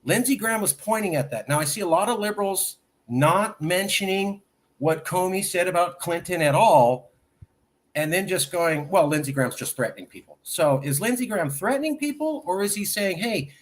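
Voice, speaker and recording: Chatty talk-show host, slightly high voice. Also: male voice, moderate pace, a little hiss or hum. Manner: chatty, animated, quotes people at length. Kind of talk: political talk show interview.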